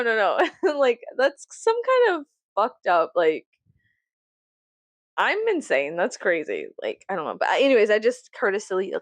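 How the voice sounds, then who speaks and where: Animated, anxious, rambling woman vlogger. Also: fairly high pitch, dry recording. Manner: animated, swearing, laughing often. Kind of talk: casual chat to camera.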